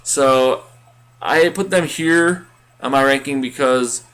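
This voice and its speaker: A man's voice: mid-range voice, takes it slowly, fairly bright tone. A man co-hosting a casual recap podcast, rambling with many fillers and restarts. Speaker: podcast co-host.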